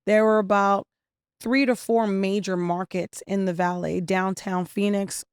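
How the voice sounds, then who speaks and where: A woman who founded and owns a restaurant, telling her story in an interview. She is lively, acts out the voices she quotes and uses many "um"s. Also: mid-range voice, measured pace, clear, resonant tone, no echo, clean studio sound. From New York and New Jersey area. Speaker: restaurant owner and founder, guest.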